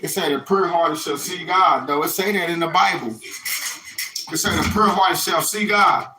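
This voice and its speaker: A middle-aged man talks through a loose, profane spiritual monologue, stopping over and over to ask if you hear him. His voice sits high and cuts sharp and bright. The sound bounces around an echoey room. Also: unhurried, a little hiss or hum. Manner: rambling, profane, keeps asking "you hear me?". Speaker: self-styled religious messenger.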